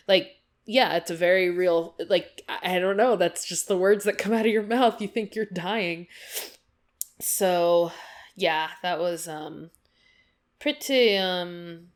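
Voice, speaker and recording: A young woman speaking casually and candidly, rambling through a personal story with many fillers and tangents. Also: low voice. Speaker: art vlogger. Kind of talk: casual personal talk over a speed drawing.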